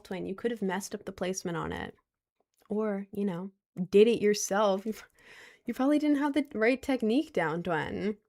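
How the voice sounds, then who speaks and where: A woman's voice: mid-range voice, creaky, a little mellow. A young woman chatting casually with her viewers, rambling and repeating herself in loose slang. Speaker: streamer answering chat. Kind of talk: casual chat.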